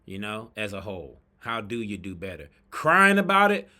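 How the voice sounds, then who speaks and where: A man hosting a reaction podcast, talking in loud, preachy commentary full of street slang, dropping from shouts to low asides. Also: big pitch swings, moderate pace. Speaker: podcast host reacting to videos.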